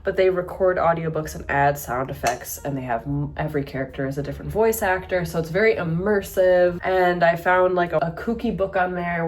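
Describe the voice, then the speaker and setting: A woman's voice: on the low side, darkish tone. A young woman vlogging about books at home, chatting casually and informally with her viewers. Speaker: book vlogger. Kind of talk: casual vlog chat.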